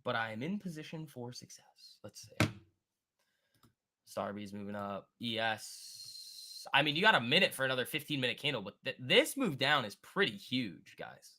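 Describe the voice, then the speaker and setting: A man hosting a live stock trading stream, thinking aloud and answering chat in an excitable, quick way. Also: mid-range voice, a little hiss or hum. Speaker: stock trading livestream host. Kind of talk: live market commentary reading chat.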